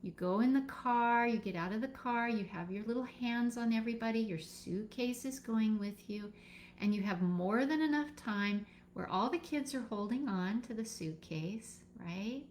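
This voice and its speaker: A woman teaching a live session as a birth educator, calm and instructive, guiding listeners step by step with pauses. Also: on the high side, a little hiss or hum.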